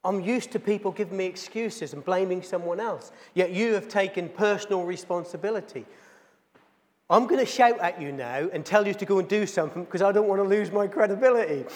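A man voicing an exasperated male factory charge hand within a sermon story, first shouting, then speaking gently. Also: high voice, a little fast, in a large hall, close to an everyday voice. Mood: gentle, bewildered.

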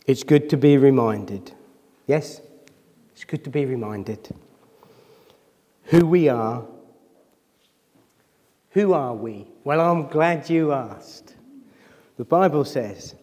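Preaching as pastor in a church hall, this man has a high-pitched voice with a darkish tone and a long reverb tail behind it. Emotional and near tears, he repeatedly asks questions of the congregation.

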